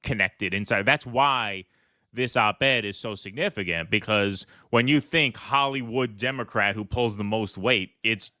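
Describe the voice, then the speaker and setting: A man's voice: lowish voice, measured pace, bright, forceful tone, no room sound, studio quality. A man co-hosting a casual political commentary show, talking in a wry, conversational way and reading quotes aloud.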